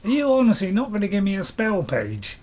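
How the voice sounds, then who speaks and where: A man's voice: high-pitched, huge pitch swings, brisk, darkish tone, slight background noise. A man hosting his own channel, talking to himself through a gameplay commentary in a rambling, chatty way with frequent chuckles. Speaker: gaming channel host. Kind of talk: let's-play gameplay commentary.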